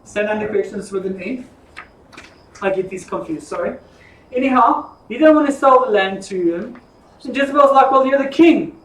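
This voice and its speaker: A man teaching an informal Bible study, telling the stories in a lively, jokey way. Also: very high voice, normal speed. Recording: echoey room from far off.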